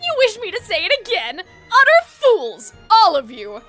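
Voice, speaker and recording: A woman's voice: very high-pitched, huge pitch swings, unhurried, fairly bright tone, faint music behind, full character voice. A woman voicing a sinister, haughty young male villain who speaks in a theatrical, sneering way. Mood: scornful villainous.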